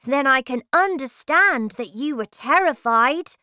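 A woman reading aloud who puts on a clever, bold little girl, speaking with eager, bright questions. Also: high voice, lively intonation, measured pace, no echo, studio quality, voice pushed up.

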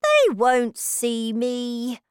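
A woman voicing an excited young boy who has been turned into a mouse, high and eager. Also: very slow, clean tone, no echo, studio quality, heavily acted. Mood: determined.

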